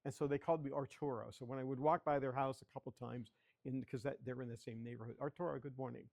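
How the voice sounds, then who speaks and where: A man's voice: medium pitch, fairly even intonation, quick pace, a little mellow. An older man, a photographer, telling stories as he takes a club through a slideshow of his work and calls for each next slide. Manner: chatty storyteller, asking for the next slide. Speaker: guest speaker, photographer. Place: children's library area.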